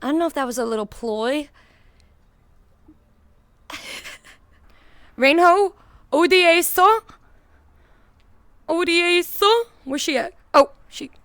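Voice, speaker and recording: A young woman livestreaming in casual chat, excitable and giggly, swearing and shrieking often. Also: extremely high pitch, slow, long pauses, dry recording. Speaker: VTuber streamer.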